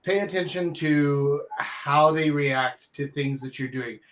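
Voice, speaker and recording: A man's voice: fairly high pitch, slow, a bit bright, slight background noise. A man hosting a casual talk show, giving dating advice and acting out quoted reactions with emphasis. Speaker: podcast host and dating coach.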